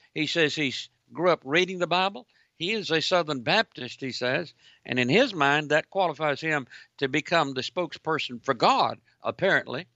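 A man's voice: fairly high pitch, bright, forceful tone, no echo. A man hosting Christian call-in talk radio, giving indignant, preaching commentary. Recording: dull lo-fi broadcast audio.

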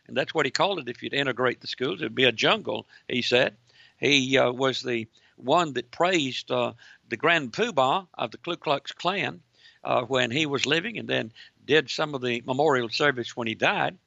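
A man's voice: medium pitch, gravelly, bright, forceful tone, dry recording. A man hosting a talk show, preaching in an emphatic way with repeated rhetorical lists. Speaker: host. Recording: dull lo-fi sound.

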